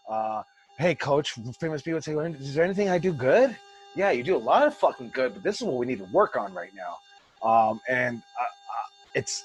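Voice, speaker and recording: A man's voice: mid-range voice, slightly rough, rough recording. A man with an American accent, a wrestling coach talking bluntly and with heavy swearing to his students. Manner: blunt, profane, emphatic. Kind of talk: casual talk to students.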